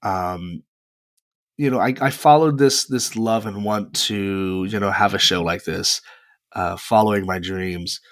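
Rambling young man with a low voice. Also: no echo, clean studio sound. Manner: chatty and rambling, with frequent pauses. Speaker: podcast host. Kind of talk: casual solo podcast monologue. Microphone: close podcast mic.

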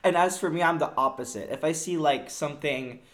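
A young man co-hosting a casual podcast, rambling in a relaxed way with fillers and easy laughs. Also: on the high side, a little fast. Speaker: podcast co-host.

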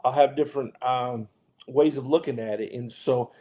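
A man's voice: mid-range voice, steady tone, normal speed, mellow. A man co-hosting a casual Bible talk show as pastor, talking earnestly with lots of restarts and preacherly emphasis. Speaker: pastor and co-host.

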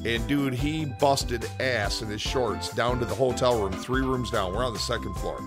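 A man's voice: medium pitch, moderate pace, over music. A man from the US Northwest telling a story in casual podcast chat, swearing a lot and acting out the voices of the people in it. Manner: profane, animated storyteller who acts out quotes. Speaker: podcast co-host.

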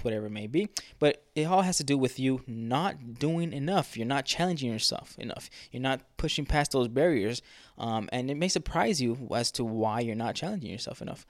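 A man's voice: mid-range voice, no room sound, clean studio sound. A man co-hosting a casual fitness podcast as a trainer, rambling with lots of fillers like "you know" and "right".

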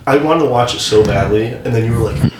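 A man's voice: medium pitch, quick pace, a loud crowd, poor audio. A young man reminiscing with old friends in casual podcast chat, eager to tell his own story.

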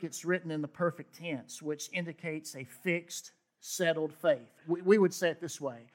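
Pastor preaching with emphatic reading. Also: male voice, a little high. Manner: expressive scripture reading with emphatic asides. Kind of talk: sermon.

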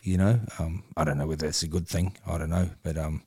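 A middle-aged man with a New Zealand accent, talking candidly as a podcast guest, reflective and halting, with many fillers and trailing-off phrases. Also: low voice, fairly even intonation, vocal fry, dark tone, husky. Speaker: guest, former boxer. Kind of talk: casual podcast conversation.

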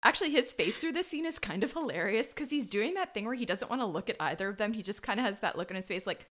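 A woman's voice: medium pitch, animated, quick pace, hardly any pauses, fairly bright tone. A woman co-hosting a podcast, recapping an episode in casual chat with playful joking asides. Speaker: podcast co-host.

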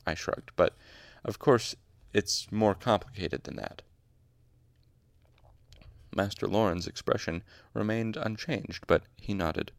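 In a dry recording, a man with a fairly low, gravelly voice slowly reads a novel aloud. It's informal amateur audiobook narration, and he pauses at times to correct his mistakes.

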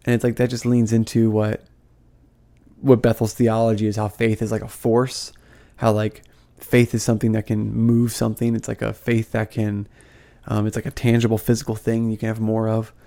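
A man's voice: on the low side, completely flat delivery, normal speed, creaky, warm tone. A young man giving casual, heated commentary to camera as a vlogger, full of fillers, restarts and frustrated asides. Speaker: vlogger, former ministry school student.

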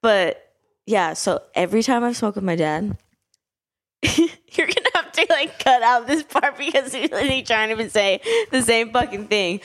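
A woman's voice: a little high, animated, moderate pace. A woman in casual podcast chat, giggly and swearing often. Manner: giggly, swearing, frequent laughter.

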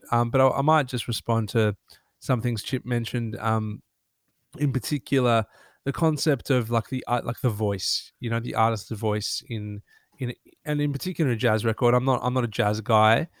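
A man's voice: medium pitch, steady tone, moderate pace, no room sound, studio quality. A man with an Australian accent hosting a casual panel discussion, rambling with many fillers as he works toward his point. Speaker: panel host.

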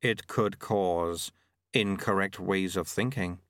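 A curt, suspicious auditor, played by a male narrator, speaking in slow, stiff, clipped phrases with no warmth. A close, dry reading. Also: sits low, no room sound.

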